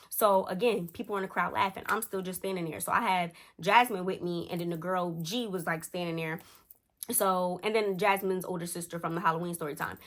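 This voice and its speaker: A young woman tells a storytime to camera in a casual, animated way, acting out the quotes. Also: a little fast. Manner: animated, acts out quotes with shifting pitch. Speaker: storytime vlogger. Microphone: camera close up.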